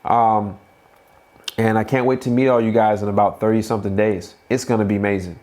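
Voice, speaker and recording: A man with a Boston accent hosting a live Q&A stream, talking up an upcoming event in a hyped, repetitive way with quick restarts. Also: fairly low pitch, fairly even intonation, a little mellow. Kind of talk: casual live-stream promotion.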